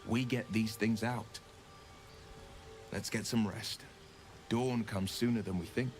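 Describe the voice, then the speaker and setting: A man's voice: on the low side, fairly even intonation, slow, music in the background. An actor playing an arch, sardonic male adventurer companion with polished, theatrical diction in a video game. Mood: wry. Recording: game audio with faint background noise.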